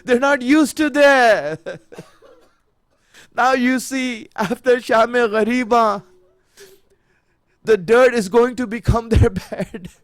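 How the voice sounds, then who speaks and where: A man with a high-pitched voice delivers a sermon, repeating his phrases and climbing from hushed tones to near-shouts. The sound is dry and close, with little room echo. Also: slow, long pauses. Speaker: preacher.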